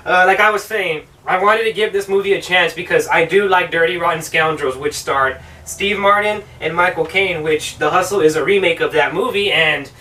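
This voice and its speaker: Male vlog host, sharp bright tone, profane and exasperated film critic, slightly distant mic. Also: sits high, normal speed, few pauses. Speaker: film reviewer, show host. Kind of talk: ranting film review.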